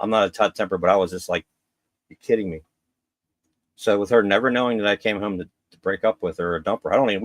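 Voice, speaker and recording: A middle-aged man telling a personal story as a podcast guest, candid and rambling, voicing quotes of others. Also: no echo. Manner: candid, rambling, acts out quotes with raised pitch.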